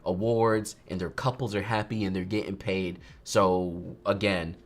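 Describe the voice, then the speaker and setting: A young man, a photographer, chatting casually on a livestream while he edits photos and teaches, in an animated, ranting way, often mimicking other people. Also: deep voice, unhurried.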